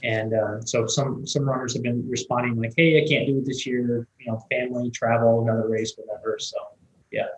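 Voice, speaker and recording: A man's voice: medium pitch, steady tone, a little fast, roomy sound, poor audio. A man, a race director, telling stories in a casual, rambling interview, with many restarts and fillers. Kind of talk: conversational interview storytelling.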